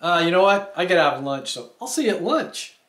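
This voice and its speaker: A middle-aged man talks casually to his viewers, wandering from point to point in a friendly way. His voice sits a bit high for a man. The room around him is echoey. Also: sing-song, a little fast, fairly bright tone. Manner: rambling, friendly, says you guys. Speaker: vlogger. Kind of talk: casual vlog chat.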